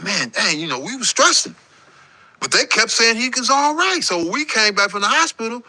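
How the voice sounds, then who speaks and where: A man's voice: very high-pitched, sing-song, moderate pace, sharp tone. A man as a guest in a casual interview, telling his story in emphatic street slang.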